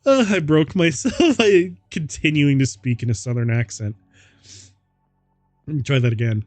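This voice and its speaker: A man's voice: a little high, moderate pace, a little mellow, no echo, soft background music. A man streaming himself reading a story aloud, laughing at the text and adding mocking asides. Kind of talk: casual dramatic reading.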